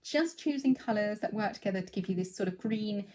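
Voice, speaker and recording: A woman's voice: mid-range voice, fairly quick, a little mellow. A young woman giving a live craft demonstration, chatty and explaining as she works. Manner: chatty, breaks off to coo at her cat.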